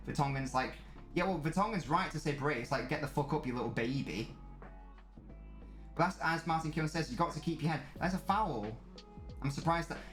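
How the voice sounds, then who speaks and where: A man's voice: fairly high pitch, fairly bright tone. Male streamer, angry foul-mouthed live-match ranting, echoey room. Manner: angry ranting, heavy swearing. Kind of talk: live match watch-along commentary.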